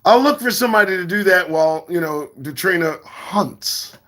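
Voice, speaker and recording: A man hosting his own morning show, talking in a profane, preachy monologue that swings between shouts and whispers. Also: fairly high pitch. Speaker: show host.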